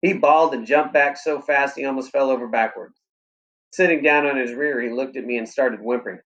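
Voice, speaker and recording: A male teacher reading a chapter of a novel aloud at a steady, plain pace. His voice sits at a middle pitch. The recording sounds dull and lo-fi. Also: brisk. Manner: steady, plain storytelling delivery.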